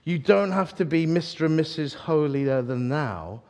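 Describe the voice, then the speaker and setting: Animated self-mocking preacher, man. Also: on the high side, moderate pace. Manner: animated, self-mocking, acts out voices in his story. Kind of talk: storytelling sermon. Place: church hall, live audience.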